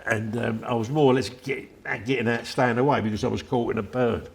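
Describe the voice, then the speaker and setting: A man's voice: medium pitch, fairly even intonation, fairly quick, vocal fry, a little hiss or hum. An older man, chatty and rambling as he tells anecdotes in an interview. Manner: rambling, chatty, with frequent restarts. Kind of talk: anecdotal storytelling.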